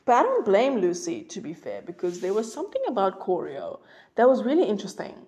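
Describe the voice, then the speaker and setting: A woman's voice: mid-range voice, wildly swooping pitch, a little fast, a little mellow. A woman hosting a casual solo podcast, rambling and gushing with lots of fillers and restarts. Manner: gushing, emphatic. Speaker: podcast host.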